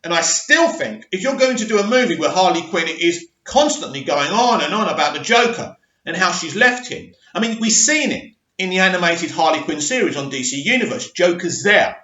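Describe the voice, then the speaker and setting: A man's voice: sits high, expressive, moderate pace, few pauses, bright, forceful tone. A man hosting an opinionated movie news vlog, ranting emphatically with frequent restarts. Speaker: movie commentary host. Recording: echoey room, dull lo-fi sound.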